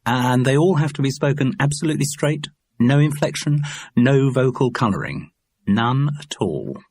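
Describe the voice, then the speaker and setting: A man's voice: medium pitch, expressive, moderate pace, a little mellow, slightly rough, dry recording, studio quality, pitched above the performer's own voice. A man voicing a firm, businesslike woman who produces recordings, in an audiobook.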